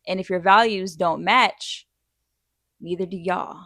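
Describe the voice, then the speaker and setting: A woman's voice: fairly low pitch, fairly even intonation, a little slow, sharp tone, no room sound, studio quality. A woman in her thirties giving blunt, frank life advice in a casual chat, answering viewer questions.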